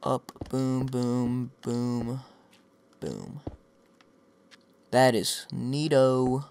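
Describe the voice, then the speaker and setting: A young man giving casual, self-mocking commentary over his own gameplay, chatting to viewers and breaking into excited outbursts at the game. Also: mid-range voice, extremely slow, pauses often, a little hiss or hum. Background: background music.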